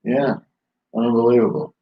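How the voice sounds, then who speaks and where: A man's voice: mid-range voice, fairly even intonation, normal speed. A man hosting a casual late-night live stream from home, rambling and joking between chuckles. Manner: rambling, chuckling, jokey storytelling. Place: home in the Philippines. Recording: echoey room, dull lo-fi sound.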